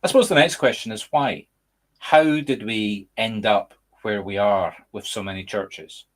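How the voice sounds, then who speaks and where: A man's voice: on the low side, a little slow. A Scottish man hosting a casual chat over a video call, speaking emphatically and candidly. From Scotland. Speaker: medium and podcast host.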